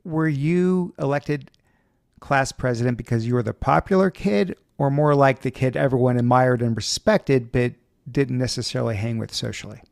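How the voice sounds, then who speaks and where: Male podcast host, gravelly mid-pitched voice, calm interviewer. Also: dry recording. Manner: measured, attentive questioner. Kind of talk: interview questions.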